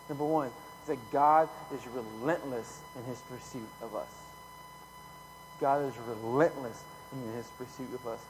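A man preaching a casual, conversational sermon full of slang, growing louder when he reads scripture. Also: medium pitch. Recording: hall reverb, faint hum.

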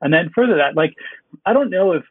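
Husky man on a tinny remote line. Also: sits high, expressive, a little fast, no echo. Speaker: panelist. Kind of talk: casual panel discussion.

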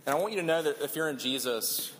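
A man's voice: on the high side, lively intonation, fast talker, a bit bright. A man preaching a sermon as pastor, earnest, often repeating words as he builds his points. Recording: long hall reverb, faint room noise.

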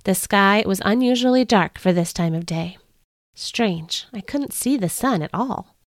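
A woman's voice: on the low side, dry recording, clean studio sound. A woman hosting a devotional podcast, reading a story aloud with earnest expression.

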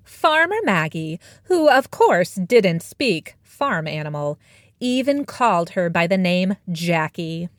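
Slow, gentle woman reading a storybook. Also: on the low side, no room sound, clean studio sound. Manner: expressive, puts on character voices. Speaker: author and narrator. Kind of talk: storybook narration. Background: background music.

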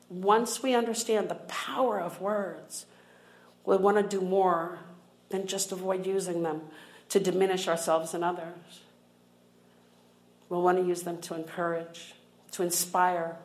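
A woman's voice: on the low side, echoey room, rough recording. A woman preaching a sermon, reading scripture aloud in an earnest, emphatic way.

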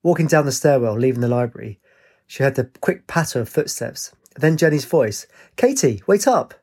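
Male audiobook narrator, husky tone, mid pitch, steady plain delivery. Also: fairly quick. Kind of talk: audiobook reading with character voices.

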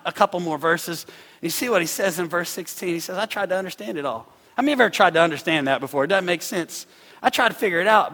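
A male pastor preaching a sermon, swinging from quiet, hushed passages up to fervent shouting. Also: high-pitched, breathy edge, in a large hall. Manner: preaching with big swells to shouting and drops to hushed tones. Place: church hall.

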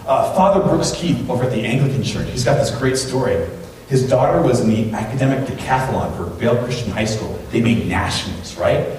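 A man preaching a sermon in a church, talking in a conversational, animated way and acting out the people in his stories. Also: medium pitch, normal speed, far from the mic, slight background noise. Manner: conversational, animated storytelling with quoted voices. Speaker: pastor. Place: church sanctuary. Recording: very echoey hall, voice from off-mic.

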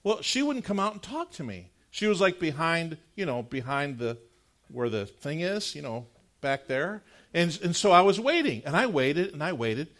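A middle-aged pastor preaching from the pulpit slips easily into chatty storytelling, peppering a personal anecdote with frequent "like" fillers. His slightly high pitch leaps around, rising sharply at funny moments and dropping lower for earnest ones. He closes the sermon with an earnest, measured prayer.

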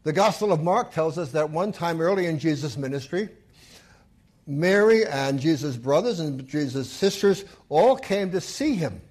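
Lively, expressive male preacher. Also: fairly high pitch, moderate pace. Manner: retells scripture with acted quotes, lively and emphatic. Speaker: pastor. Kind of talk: sermon.

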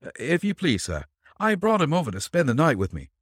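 A man's voice: medium pitch, big pitch swings, normal speed, no echo, clean studio sound. A man voicing a shrewd detective posing as a coachman in a storybook reading, speaking in a deferential manner with a Yankee twang. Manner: deferential servant's talk with a twang.

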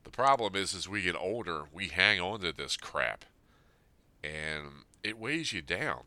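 Low, forceful man in his fifties, earnest. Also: expressive, a little slow, no room sound. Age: 50s. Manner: earnest, plain-spoken, speaking straight to his late father. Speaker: Army veteran sharing a personal letter. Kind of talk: reading a personal letter aloud, then reflecting.

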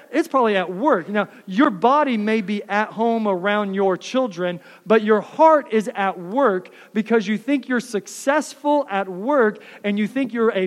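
A man in his thirties, a pastor preaching a sermon, swinging from fired-up passion to quiet, close asides. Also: sits high, in a large hall. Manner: impassioned, builds up then drops to soft asides.

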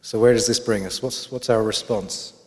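A man's voice: on the low side, fairly even intonation, moderate pace, darkish tone. A man preaching a sermon, thoughtful, asking his listeners many questions. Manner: reflective, asks the congregation questions. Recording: long hall reverb.

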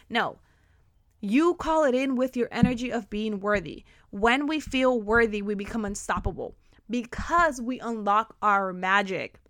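A woman's voice: fairly high pitch, no echo, clean studio sound. A woman hosting a motivational podcast, talking energetically and emphatically, repeating key words. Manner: energetic, enthusiastic, emphatic repetition. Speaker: podcast host.

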